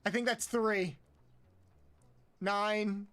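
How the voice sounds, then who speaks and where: A man streaming a game, counting aloud, swearing often and yelping high when frustrated. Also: fairly even intonation, very slow, fairly bright tone. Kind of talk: casual live-stream chat while playing.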